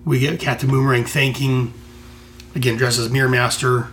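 A man's voice: medium pitch, little pitch movement, moderate pace, a bit bright, a little hiss or hum. An American man hosting a podcast, talking through a comic enthusiastically with lots of rambling and restarts. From United States. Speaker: podcast host reviewing comics. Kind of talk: casual solo commentary.

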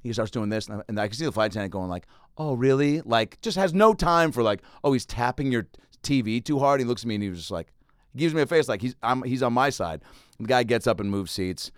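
Man, fast animated storyteller, dry close sound. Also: medium pitch, no room sound. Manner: animated storyteller, acts out people. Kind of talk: casual storytelling chat.

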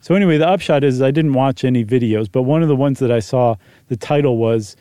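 A man's voice: medium pitch, fast talker, warm tone, smooth, no echo, studio quality. A man co-hosting a podcast in casual chat, easygoing and rambling, with plenty of filler words. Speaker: podcast co-host.

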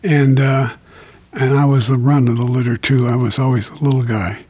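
An older man as an interview guest, speaking slowly and haltingly with many fillers while reflecting on grief. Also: mid-range voice, fairly even intonation, a little mellow. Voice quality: gravelly, husky. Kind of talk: reflective conversation about grief.

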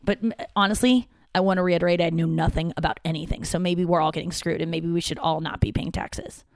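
A woman's voice: on the low side, fairly even intonation, fast, gravelly, no echo. Rambling candid young woman, dry close sound. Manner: rambling, candid, self-deprecating, swears freely. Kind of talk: casual talking-to-camera monologue.

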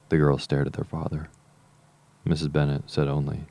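A man narrates a classic novel in a steady, measured audiobook reading. His voice is extremely deep and gravelly, with a dark tone and a nearly flat melody.

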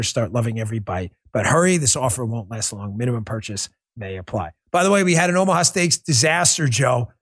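A man's voice: medium pitch, husky. A man hosting a political talk show, reading ads casually and ranting with rising emphasis. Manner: animated, emphatic, rising to near shouting; conversational ad read. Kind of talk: live political talk and ad reads.

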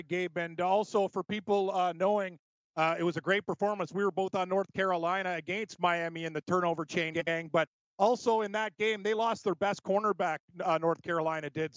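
High-voiced male co-host, dull lo-fi sound. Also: a bit bright, dry recording. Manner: rambling, agreeable. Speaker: sports betting show co-host. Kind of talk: casual sports betting chat.

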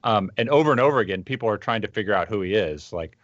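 A man's voice: low voice, fast, few pauses, dry recording. Thoughtful man on a dull video call. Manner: thoughtful, animated storytelling with frequent fillers. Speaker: podcast co-host. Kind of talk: casual conversational discussion.

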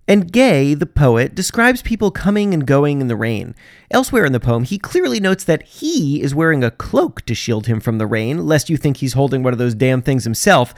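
A man's voice: medium pitch, dry recording, studio quality. A man hosting a podcast, narrating from a script with wry, sarcastic asides. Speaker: podcast host.

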